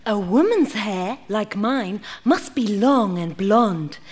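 A woman's voice: mid-range voice, expressive, slow pace. A woman giving a prim, mock-educational scripted comic narration. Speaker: sketch performer.

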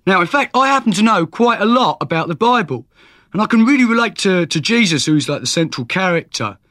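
A man's voice: sits high, lively intonation, fairly quick, a bit bright. A young man delivering a rambling, hesitant comic monologue full of restarts. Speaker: comedy monologue performer.

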